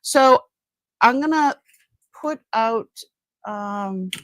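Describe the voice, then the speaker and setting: A woman's voice: on the high side, expressive, very slow, fairly bright tone, no echo. Chatty middle-aged Boston woman live-streaming. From Massachusetts. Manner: chatty, rambling, greets viewers by name. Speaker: live-stream seller and host. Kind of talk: casual live-stream chat. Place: at home, indoors by a counter.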